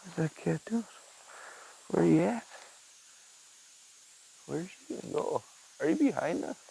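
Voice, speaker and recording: A man in his garage talking casually to his viewers, rambling and swearing, and cooing at his cat in a high voice. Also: expressive, unhurried, creaky, warm tone, breathy edge, low-quality recording. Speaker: vlogger. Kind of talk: casual monologue to camera.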